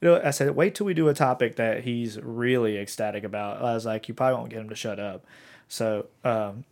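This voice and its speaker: A man in his thirties co-hosting a casual podcast, rambling through his points with plenty of ums and restarts. His voice sits at an ordinary middle pitch. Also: brisk, darkish tone. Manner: rambling, many fillers and restarts. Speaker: podcast co-host.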